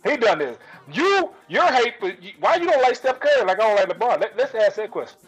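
Male co-host, high husky voice, brash trash-talker, faint music bed. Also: big pitch swings, a little fast, poor audio. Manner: loud, emphatic, trash-talking. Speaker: podcast co-host. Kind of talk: heated sports debate.

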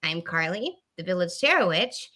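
A woman's voice: on the low side, sing-song, normal speed, sharp tone. A woman from the US South co-hosting a casual podcast chat, giggly and laughing often. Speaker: podcast co-host.

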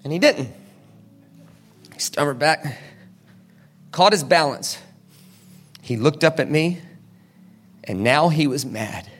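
Animated high-voiced preacher. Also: male voice, takes it slowly, pauses often, soft background music. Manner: animated, dramatic, with shouted peaks. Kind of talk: sermon with storytelling.

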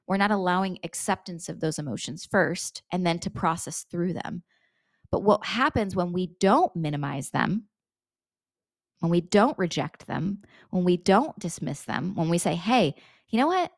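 A woman's voice: on the low side, moderate pace, gravelly, dry recording, clean studio sound. A woman talking in a casual, earnest way about handling emotions, repeating phrases and swearing now and then. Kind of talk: casual spoken advice monologue.

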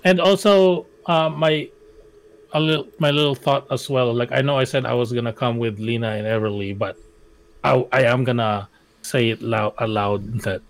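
A man's voice: mid-range voice, fairly even intonation, moderate pace, low-quality recording. A man playing a tabletop game, speaking hesitantly and restarting his sentences. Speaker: player. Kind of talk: casual chat while playing a tabletop game.

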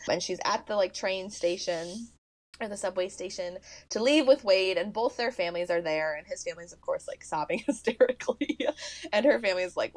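A young woman co-hosting a podcast, retelling a film's plot in casual chat, animated and full of "like" fillers, laughing often. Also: on the low side, vocal fry. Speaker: podcast co-host. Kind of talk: casual movie recap chat.

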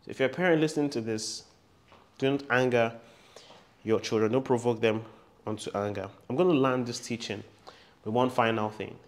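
A male pastor delivers a sermon in an emphatic, repeating style. His voice sits at an ordinary middle pitch for a man. He slips easily into humorous storytelling asides between his points. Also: normal speed, long pauses.

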